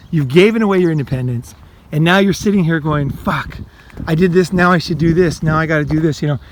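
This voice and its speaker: A man's voice: on the high side, a little hiss or hum. A man who coaches and hosts videos, talking bluntly to the viewer in a casual monologue, full of profanity and "you know"s, acting out inner voices. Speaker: life coach and video host.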